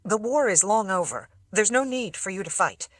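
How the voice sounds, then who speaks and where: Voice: medium pitch, sing-song, moderate pace, fairly bright tone, dry recording, pitched above the performer's own voice. An audiobook reader voicing an earnest young traveler who talks in a reassuring, kind-hearted way. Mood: urging. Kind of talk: audiobook character voice.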